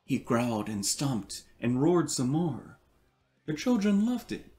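Slow, mellow-voiced man reading a storybook. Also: mid-range voice, sing-song. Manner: unhurried and playful, with off-hand asides. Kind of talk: reading a picture book aloud.

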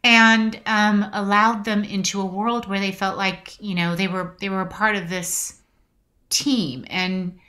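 A woman's voice: mid-range voice, a little slow, fairly bright tone. A woman in her forties, an actress being interviewed, speaking reflectively with many restarts and getting choked up. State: emotional, choked up. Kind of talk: casual video interview.

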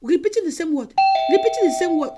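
Woman evangelist, sermon, very high voice, sweeping pitch, emphatic repetition, online call. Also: expressive, fast talker, very noisy. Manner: emphatic, repeats phrases, exhorting.

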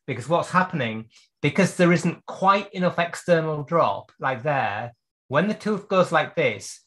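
A man's voice: mid-range voice, fairly bright tone. A man teaching clock repair during a live video call, working at a bench and thinking aloud as he explains each step. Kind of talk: live workshop demonstration.

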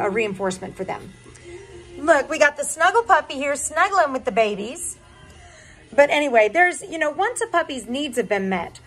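A middle-aged woman breeder chatting casually to camera about her puppies, cooing at them now and then. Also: fairly bright tone. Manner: chatty, coos at puppies in a higher voice. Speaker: puppy breeder.

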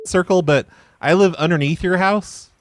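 A man hosting a prank call show, talking deadpan with fumbling, stammering restarts. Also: sits high, normal speed.

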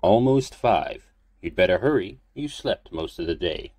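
A man voicing a kindly old priest who speaks in a measured, formal way. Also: deep voice, animated, darkish tone, no echo. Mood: helpful. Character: old male priest, concerned and polite.

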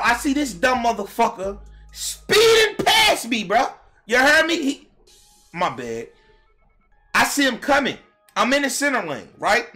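A high-voiced male vlogger tells a personal story in a casual storytime monologue to his viewers. He's animated and profane, addressing the audience directly and bursting into shouts.

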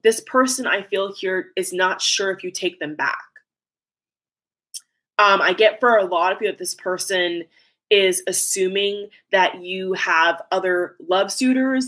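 A woman reads tarot cards in a casual pick-a-card session. She talks in a chatty, loose way with plenty of fillers, at a mid pitch. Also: fairly bright tone. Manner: chatty, filler-heavy, breaks into laughs.

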